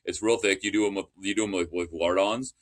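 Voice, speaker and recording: A man's voice: low voice, steady tone, fairly quick. A man in casual podcast chat, telling long rambling stories with restarts and the odd curse.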